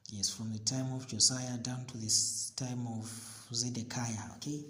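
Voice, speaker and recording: A man's voice: mid-range voice, steady tone, measured pace, bright, forceful tone, reverberant. A man teaching an informal Bible study, reading scripture and explaining it, often checking in with "okay?". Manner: frequent "okay?" checks, rereading and paraphrasing scripture. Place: outdoors in a backyard.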